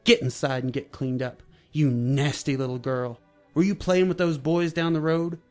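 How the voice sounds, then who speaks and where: A man voicing a harsh, chain-smoking mother who yells and scolds crudely, with soft music behind. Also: on the high side, steady tone, normal speed, lightly acted. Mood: scolding.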